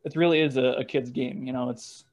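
This is a casual storytelling interview with a young ex-catcher whose medium-pitched voice moves fairly quickly. He rambles comfortably, with plenty of fillers and false starts, and the recording sounds lo-fi.

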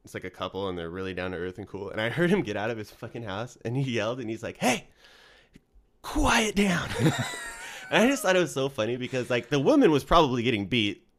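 A man's voice: mid-range voice, animated, racing, few pauses. A man in his thirties chatting casually, rambling and swearing often. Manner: loose, rambling, heavy swearing. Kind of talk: casual chat.

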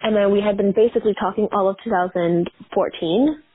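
A woman's voice: mid-range voice, fairly quick. A woman in her twenties chatting casually as a guest, full of "like" fillers. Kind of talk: casual chat. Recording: phone-like narrow sound.

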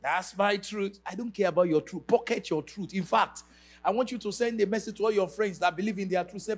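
A man's voice: high voice, brisk, husky, faint music behind. A man preaching a sermon to a church congregation, emphatic and sing-song, leading call-and-response. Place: church service.

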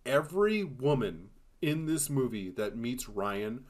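A man's voice: medium pitch, lively intonation, unhurried. A young man co-hosting a film podcast, retelling scenes with sarcastic, casual chat. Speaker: podcast co-host.

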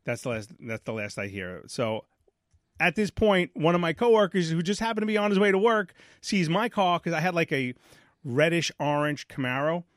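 Animated New man telling a story. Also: on the high side, moderate pace, dry recording, studio quality. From New York. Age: 40s. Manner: animated, acts out voices in his story, repeats himself. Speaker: podcast host. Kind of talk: casual storytelling chat.

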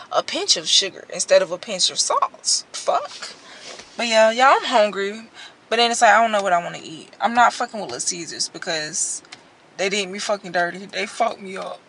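A young woman vlogger rants bluntly and profanely to her viewers, telling animated, unscripted stories in a casual vlog. Her voice is mid-range, with a little hiss or hum in the audio.

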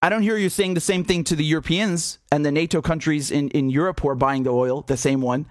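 A man's voice: a little high, steady tone, brisk, no echo, clean studio sound. A man giving a blunt, mocking political monologue, laughing often and swearing. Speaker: political commentator. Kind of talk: casual opinion monologue.

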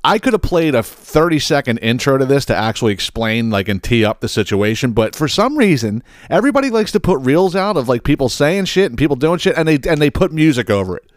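A man's voice: medium pitch, very animated, fairly quick, few pauses, no room sound, studio quality. A man hosting a podcast, ranting about viral clips in a sarcastic, blunt and profane way. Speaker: podcast host.

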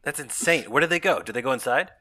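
A man playing a tabletop game, talking in an animated, chatty way. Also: mid-range voice, quick pace. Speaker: player. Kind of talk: casual in-character play.

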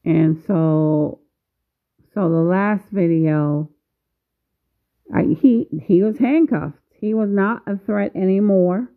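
Slow-talking woman in her fifties, tinny. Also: medium pitch. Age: 50s. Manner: slow, measured, pausing often. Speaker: vlogger. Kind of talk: casual video commentary. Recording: tinny phone-like sound.

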